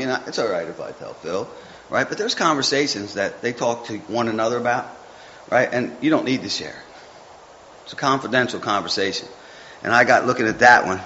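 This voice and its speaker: A man's voice: on the low side, sharp tone, a little hiss or hum. A man giving an informal devotional talk, folksy and rambling, with chatty asides to the listeners. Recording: muffled with faint background ambience.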